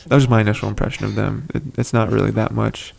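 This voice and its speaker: A man's voice: lowish voice, steady tone, quick pace, gravelly, darkish tone, slight background noise. A man giving a casual, rambling recap of a TV episode, full of fillers and restarts, with the odd chuckle. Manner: chuckles between points. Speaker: show commentator.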